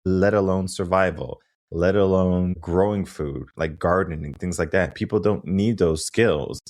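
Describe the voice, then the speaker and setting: Emphatic deep-voiced man, dry sound. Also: measured pace, a little mellow, no echo. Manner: emphatic, asks rhetorical questions. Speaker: podcast host and coach. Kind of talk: motivational conversation.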